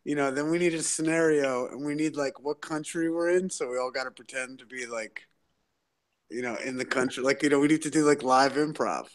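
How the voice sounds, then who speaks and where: A man joining a casual livestream chat, rambling excitedly with many filler words. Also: medium pitch, fairly quick. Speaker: guest.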